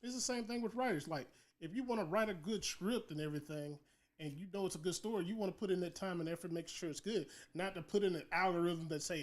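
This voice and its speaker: A man's voice: high-pitched, quick pace. A man co-hosting a casual podcast chat, making emphatic points with rhetorical build-ups. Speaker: podcast co-host.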